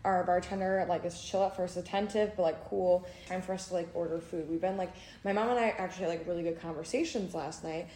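Animated young woman telling a story, roomy echo. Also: lowish voice, quick pace, hardly any pauses, a little hiss or hum. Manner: lively storytelling, acting out quotes. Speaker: podcast co-host. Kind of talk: casual chat.

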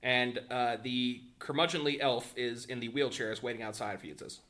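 A man's voice: medium pitch, fairly even intonation, normal speed, few pauses, pushed and bright. A man narrating as game master of a tabletop game, in a dry, teasing way.

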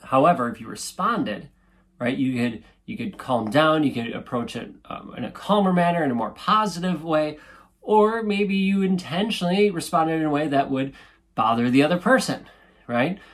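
A man's voice: on the high side, normal speed, fairly bright tone. A man hosting a podcast, explaining self-help ideas in a casual, conversational way, often checking in with "right?". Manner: conversational, frequent "right?" tag questions; thoughtful, explaining step by step. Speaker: podcast host.

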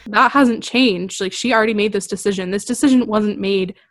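A woman's voice: mid-range voice, brisk, a bit bright. A young woman co-hosting a podcast, chatting casually about a book with lots of filler words and laughing asides. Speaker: podcast co-host. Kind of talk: casual book discussion chat.

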